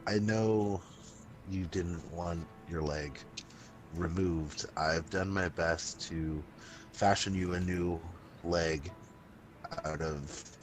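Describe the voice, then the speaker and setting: A man's voice: low voice, steady tone, takes it slowly, music in the background. A man voicing an apologetic male doctor who speaks hesitantly and carefully.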